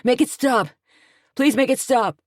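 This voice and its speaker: A woman reading an audiobook voices a frantic, rough man who shouts at trespassers and then panics. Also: fairly high pitch, expressive, moderate pace, no echo, clean studio sound, voice pushed up. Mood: panicked.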